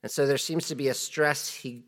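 A man's voice: mid-range voice, fairly even intonation, moderate pace, fairly bright tone. Man casually teaching a Bible lesson. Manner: conversational, explaining with many fillers and asides; reads scripture aloud with more force.

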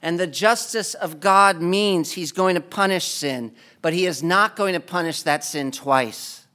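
Male preacher, high bright voice, impassioned sermon delivery with pleading climaxes. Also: a little slow.

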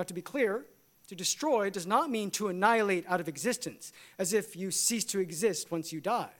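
Male pastor, high voice, emphatic sermon delivery in a church. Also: fairly bright tone. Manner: emphatic preaching, rising and falling.

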